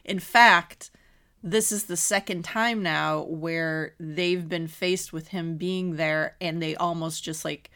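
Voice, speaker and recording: A woman co-hosting a podcast in casual chat, animated and exclamatory, laughing easily and often clearing her throat. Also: lowish voice, slow pace. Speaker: podcast co-host.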